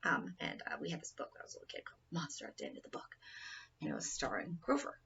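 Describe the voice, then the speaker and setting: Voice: mid-range voice, huge pitch swings, racing, gravelly, sharp tone, dull audio, slight background noise. A person giving an informal presentation speech in a rambling, casual way, often restarting sentences, recorded from a distance.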